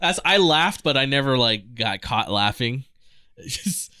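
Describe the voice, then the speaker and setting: A man's voice: mid-range voice, lively intonation, measured pace, pushed and bright, dry recording, clean studio sound. A young man co-hosting a podcast, telling stories in casual chat and laughing often. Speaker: podcast co-host.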